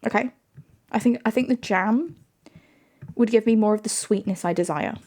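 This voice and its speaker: A woman's voice: medium pitch, normal speed, darkish tone. Playful woman streamer chatting with chat. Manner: playful, laughs often, answers chat. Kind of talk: casual livestream chat.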